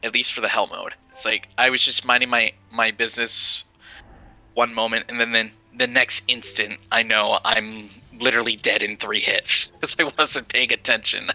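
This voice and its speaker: Brief: man with a very bright, sharp tone, laid-back stream co-host. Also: mid-range voice, little pitch movement, moderate pace, low-quality recording. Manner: laid-back, laughing banter. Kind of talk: casual live stream chat.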